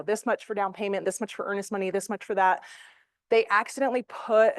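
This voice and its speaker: Middle-aged woman trainer, slightly high voice, chatty and lively, dry sound. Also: no room sound. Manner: chatty, animated, with frequent fillers and laughs. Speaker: real estate trainer. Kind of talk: classroom training talk.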